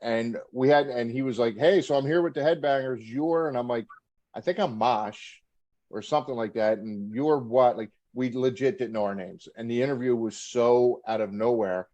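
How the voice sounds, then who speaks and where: A man's voice: medium pitch, fairly even intonation, moderate pace, mellow, muffled recording. A middle-aged man, a former wrestler, telling backstage stories in a casual interview, laughing and acting out quotes. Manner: laughing anecdotal storyteller, acts out quotes.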